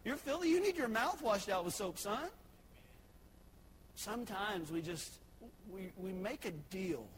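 A man preaching a sermon, swinging between loud exhortation and hushed earnestness. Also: high-pitched, slight background noise, low-quality recording.

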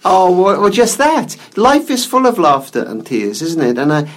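A man, a guest author and speaker, telling a story in an interview in a gentle, reflective way, often repeating words as he goes. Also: high-pitched, lively intonation, moderate pace.

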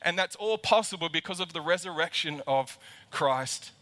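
A man's voice: fairly high pitch, moderate pace, bright, forceful tone. A man preaching a livestreamed sermon as lead pastor to a camera in an empty church auditorium, impassioned and repeating words as he builds emphasis.

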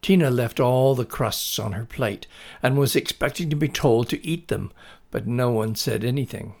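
A man reading a children's story aloud at a slow, deliberate storybook pace. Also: lowish voice, steady tone, gravelly.

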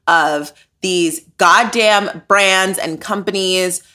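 A woman hosts a podcast in a bright, clear voice. She talks in a loose, animated monologue and swears freely. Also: on the low side, takes it slowly. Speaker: podcast host. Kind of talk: casual monologue.

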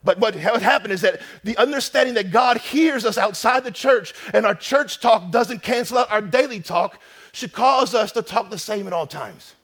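A male pastor delivers a sermon in a fairly high voice. He preaches with emphatic force, pushing some lines out loud and letting others drop to a hush. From North America.

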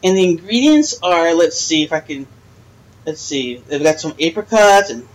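A woman's voice: on the low side, animated, normal speed, poor audio. An older woman hosting a casual podcast chat from a friend's house, chatty and teasing, laughing often. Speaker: podcast host. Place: friend's house, dim room.

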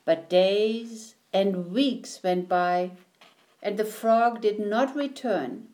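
A woman reading a children's picture book aloud in a gentle, deliberate storytelling manner. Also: medium pitch, lively intonation.

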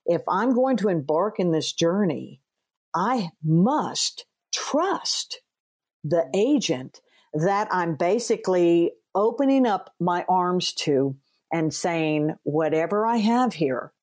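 A woman hosting an interview, an author who tells lively stories, acts out quoted dialogue and speaks earnestly from her faith. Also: on the low side. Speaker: podcast host and author. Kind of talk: conversational interview.

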